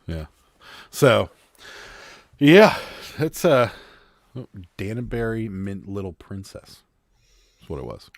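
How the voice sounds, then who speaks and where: A man's voice: on the low side, sing-song, slow pace, long pauses, no room sound, studio quality. A man hosting a live stream, chatting casually and joking as he reads viewer comments, with a Western Pennsylvania accent. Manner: rambling, joking, wry.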